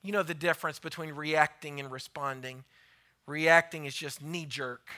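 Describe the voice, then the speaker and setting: A man's voice: a little high, fairly even intonation, normal speed, sharp tone. A man preaching a sermon in a church, emphatic and repetitive, sometimes dropping his voice to near a whisper.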